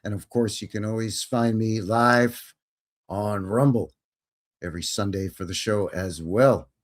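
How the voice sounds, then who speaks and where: A man's voice: lowish voice, unhurried. A man hosting a casual live stream, rambling in a folksy way and chuckling as he answers viewers' questions.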